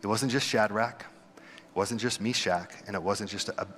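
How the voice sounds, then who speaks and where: A young adult man, a pastor giving a conversational sermon, who acts out quoted people with sudden jumps in pitch. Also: normal speed, over music. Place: church sanctuary. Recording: long hall reverb.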